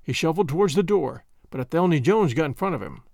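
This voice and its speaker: A man narrating a story aloud as an audiobook reader, in an even, measured way. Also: on the high side, vocal fry, dry recording, clean studio sound.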